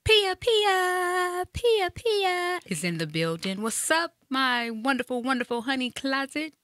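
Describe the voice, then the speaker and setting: A woman co-hosts a live talk show, her voice bright and leaping all over her range. She is playful and bubbly, tossing the host's words back. The sound is dry and close to the mic. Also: high-pitched, sing-song, measured pace. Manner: playful and bubbly, echoing the host. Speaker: co-host.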